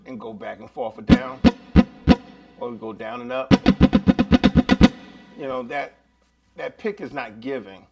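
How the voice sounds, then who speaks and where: Male guitar teacher, mid-pitched, gravelly, casual and talking directly to viewers. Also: unhurried, pauses often. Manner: relaxed, chatty, talks to viewers directly. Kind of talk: live-streamed guitar lesson.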